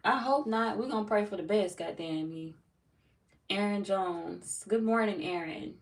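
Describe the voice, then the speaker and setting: An unhurried woman with a mid-range voice, heard through a distant mic, reads tarot for a livestream audience. She greets the chat casually, reads viewers' comments aloud, and laughs often.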